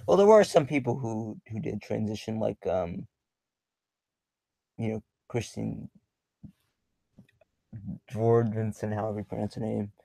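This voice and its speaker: A man's voice: on the low side, measured pace, gravelly, pauses often, mellow, no room sound. A young man hosting a casual livestream, reading chat questions aloud and answering in a rambling, blunt way full of ums and swearing. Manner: rambling, filler-heavy, blunt and profane.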